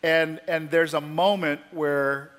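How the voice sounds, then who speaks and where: A male pastor preaching a sermon, telling the story with lively, acted-out quotes. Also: on the high side, slow pace. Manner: animated storytelling, acting out voices in quotes.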